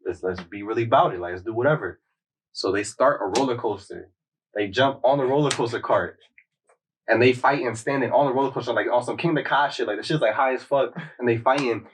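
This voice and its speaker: A man's voice: mid-range voice, a little fast, recorded from a distance, a little hiss or hum. A man hosting a podcast, casually retelling a story in a slangy, rambling way with lots of "like.". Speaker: podcast host.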